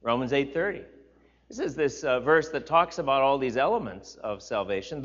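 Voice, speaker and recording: A man's voice: mid-range voice, lively intonation, moderate pace, a bit bright. An older man teaching a Bible class, reading scripture aloud and repeating words for emphasis. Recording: slightly dull lo-fi recording.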